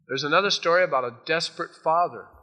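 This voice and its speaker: A man preaching a sermon, retelling Bible stories in a casual, animated way and acting out the characters' lines. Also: fairly high pitch, quick pace. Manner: storytelling, acts out the voices of Bible figures. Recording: long hall reverb.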